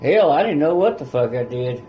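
A man's voice: a little high, expressive, moderate pace, dull audio, a little hiss or hum. Profane, blunt man telling a story. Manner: blunt and heavily profane, rural dialect. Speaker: podcast guest. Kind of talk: casual storytelling.

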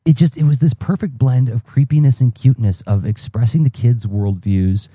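A man's voice: mid-range voice, steady tone, normal speed, warm tone, slightly rough, dry recording, clean studio sound. A man hosting a solo podcast, rambling through a personal story with many fillers and restarts. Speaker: podcast host. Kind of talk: casual solo podcast monologue.

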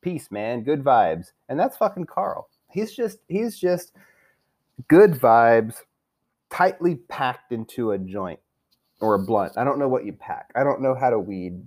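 A man's voice: medium pitch, sing-song, normal speed. A young man rambling through a crude, profane fantasy football season recap, trash-talking his friends while drinking. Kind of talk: profane casual rant.

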